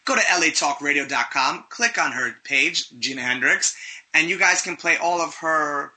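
A man hosts a talk radio interview with a bright, forceful voice pitched somewhat high. He keeps things upbeat and promotional, plugging websites for his listeners. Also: lively intonation, moderate pace.

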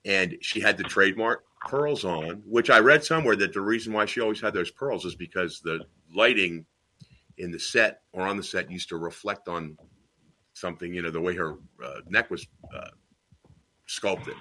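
Animated storytelling man, husky and bright. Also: deep voice, moderate pace. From Tennessee. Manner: rambling, animated, many fillers and restarts. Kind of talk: casual anecdote telling.

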